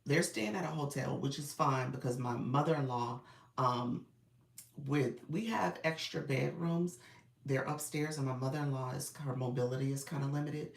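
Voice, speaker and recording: A woman business coach hosting a casual livestream. She is under the weather and a bit raspy, and she greets viewers by name in an upbeat, encouraging way. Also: very deep voice, normal speed, echoey room, distant mic.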